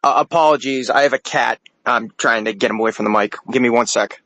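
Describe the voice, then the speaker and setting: A man's voice: medium pitch, quick pace, fairly bright tone, dry recording. A man calling in to a podcast segment, playfully arguing his point. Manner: playful, argumentative. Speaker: segment regular, caller. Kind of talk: casual call-in banter.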